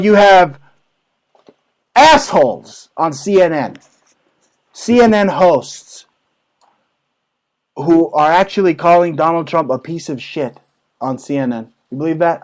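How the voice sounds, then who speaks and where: A man's voice: fairly high pitch, a little slow, long pauses, rough recording. A man hosting his own talk show, ranting crudely and mockingly about politics with heavy swearing. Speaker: show host. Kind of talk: profane political rant.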